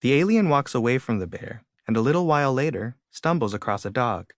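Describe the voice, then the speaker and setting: A man reading his own illustrated storybook aloud in gentle, plain narration. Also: medium pitch, lively intonation, fairly quick, no echo, studio quality. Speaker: author and narrator. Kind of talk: scripted audiobook narration.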